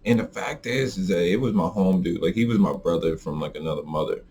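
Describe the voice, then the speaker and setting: A man hosting a podcast, telling a story in a casual, profane, animated rant. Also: a little fast, a little hiss or hum. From American South. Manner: animated, profane, swings into high exaggerated quoted voices. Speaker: podcast host.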